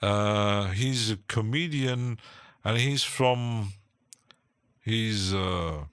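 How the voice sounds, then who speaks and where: A man hosting a live stream, chatting casually in a rambling, halting way with frequent restarts and short laughs, from his home studio. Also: fairly low pitch, a bit bright, clear, resonant tone, dry recording.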